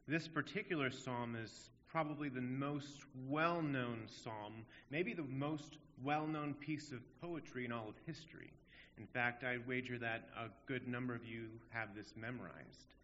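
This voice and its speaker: Bright-voiced preacher in an echoing hall. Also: male voice, mid-range voice, a little slow, a little hiss or hum. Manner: earnest, emphatic, rhetorical questions. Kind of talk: sermon. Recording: dull audio in a long-reverb hall.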